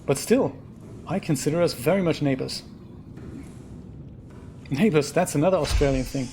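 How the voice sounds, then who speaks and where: A man hosting a live game stream, thinking out loud about what to craft and chatting back to his viewers as he plays. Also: fairly high pitch, normal speed, a little hiss or hum. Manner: chatty, thinks aloud and answers viewer chat. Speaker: let's play host. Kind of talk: casual live gameplay commentary. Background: game music.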